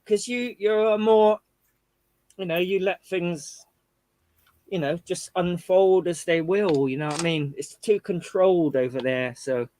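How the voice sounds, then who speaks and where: A man's voice: high voice, measured pace, darkish tone. A man who is a regular on a livestream, talking in an encouraging way and often saying "you know what I mean". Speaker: regular on the stream. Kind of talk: casual livestream chat.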